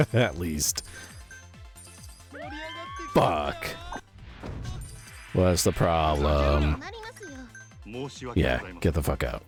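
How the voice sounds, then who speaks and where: A man with a very low voice that sounds strained and roughened from yelling, chatting casually on a game stream. His pitch swings widely between remarks as he reacts aloud and answers chat. Faint game music plays behind him. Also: lively intonation, very slow, pauses often.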